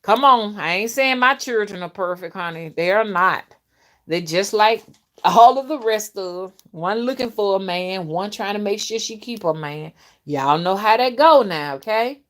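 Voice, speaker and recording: A middle-aged woman chatting casually on a live stream, folksy and warm with her viewers, reading out their comments and calling them y'all and honey. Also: mid-range voice, expressive, moderate pace. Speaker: spiritual rootworker hosting a live stream.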